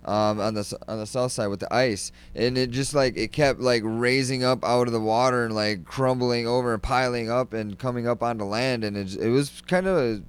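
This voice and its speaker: A man's voice: medium pitch, steady tone, moderate pace, few pauses, smooth, dry recording. A man hosting a casual interview, rambling with lots of "like" and fillers.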